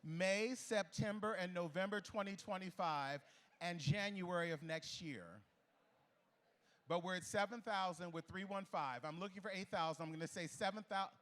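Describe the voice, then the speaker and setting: In a gala ballroom, a man with a high, slightly bright voice calls bids at a charity auction. He teases bidders playfully and repeats the amounts in quick patter.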